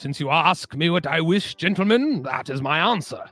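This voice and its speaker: A man's voice: fairly high pitch, animated, moderate pace, a bit bright, dry recording, soft background music. A man voicing a cold, miserly old man with a clipped, scornful delivery.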